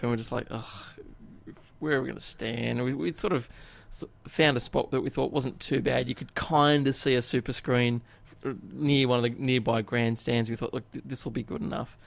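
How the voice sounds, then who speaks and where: Man, gravelly voice, animated casual storytelling, podcast co-host, filler-heavy chatter. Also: mid-range voice.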